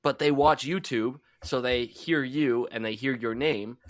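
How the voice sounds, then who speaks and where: A man's voice: mid-range voice, a little slow. Twenties man, podcast co-host, casual banter, playful and theatrical. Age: 20s. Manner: playful, mock-dramatic teasing. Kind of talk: casual chat.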